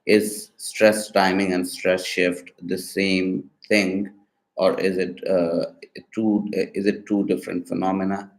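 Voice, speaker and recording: Slow, gravelly, low-voiced man. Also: little pitch movement, rough recording. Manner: hesitant, with fillers and restarts while working through a question. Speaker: student asking questions. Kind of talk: casual spoken questions.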